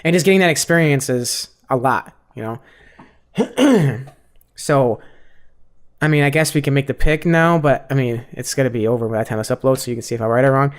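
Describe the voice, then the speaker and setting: A man's voice: mid-range voice, a little fast. Rambling, profane young man. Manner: rambling, profane fight breakdown with many fillers. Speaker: podcast co-host. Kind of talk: casual chat.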